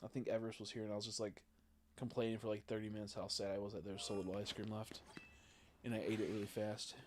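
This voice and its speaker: A man's voice: on the low side, level tone, fast talker, darkish tone, a little hiss or hum. A young man streaming a game, chatting casually in a rambling way, swearing freely and tossing in jokey asides. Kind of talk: casual gaming livestream chat.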